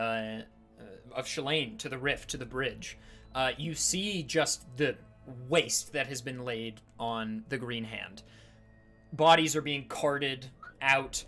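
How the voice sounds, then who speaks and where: A man's voice: medium pitch, sharp tone. A man narrating a tabletop game as game master, talking casually with lots of fillers. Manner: casual, full of fillers and restarts.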